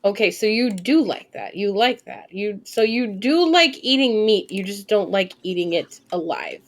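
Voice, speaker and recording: A woman in her twenties streams live gameplay, chatting and thinking out loud, breaking into sudden excited squeals and casual swearing. Her voice is mid-range at a moderate pace.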